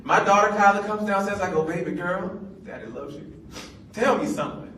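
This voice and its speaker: A man's voice: sits high, a little fast, sharp tone, a little hiss or hum. A man in his forties, a pastor telling a funny story in a sermon, playful and laughing often. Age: 40s. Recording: echoey room, mic at a distance.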